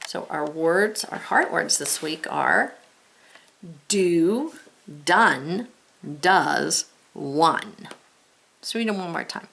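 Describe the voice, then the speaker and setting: A woman teacher leading a spelling lesson, sounding out letters and words step by step and gently talking the viewer through each task. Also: fairly low pitch, animated, extremely slow, creaky, long pauses.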